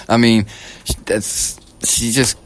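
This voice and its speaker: A man's voice: mid-range voice, fairly bright tone. A man hosting a podcast, talking through a casual political monologue in a blunt, profane way that rambles and restarts. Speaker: podcast host.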